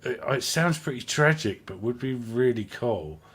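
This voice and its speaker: A man with a British accent hosting a live stream, chatting excitably about films and laughing often. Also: mid-range voice, measured pace, breathy edge. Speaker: host. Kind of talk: casual live-stream chat.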